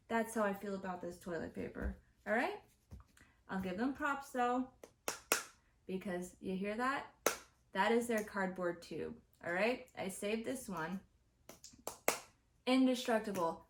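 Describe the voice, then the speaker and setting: A woman hosting her own show, delivering an exasperated, profane comedic rant to the camera. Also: medium pitch. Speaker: host. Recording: roomy echo.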